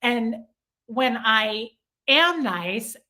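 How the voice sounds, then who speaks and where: A young woman with a bright, fairly high voice, chatting on a live stream. She talks to her viewers in an animated, self-deprecating way. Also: extremely slow. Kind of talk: casual live-stream chat.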